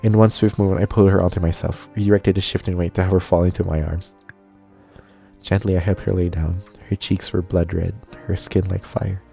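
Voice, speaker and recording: Deep gravelly man reading a game aloud. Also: fairly quick, soft background music. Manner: steady narration, cursing asides. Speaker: streamer. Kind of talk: reading a visual novel aloud.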